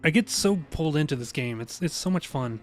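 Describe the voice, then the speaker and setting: Streamer type: a chatty man giving casual game commentary, slightly higher voice, faint music behind. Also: lively intonation, fairly quick. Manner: chatty, laughing, talks to chat.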